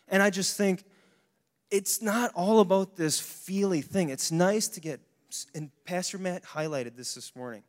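A young adult man giving a casual, animated sermon to a young adults service, with bursts of exclamation. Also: high voice, unhurried. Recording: long hall reverb.

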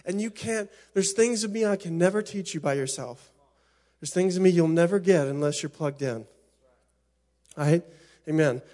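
A man's voice: sits high, moderate pace, pauses often, mellow. A middle-aged man preaching a sermon as pastor, impassioned, often repeating and restarting his phrases.

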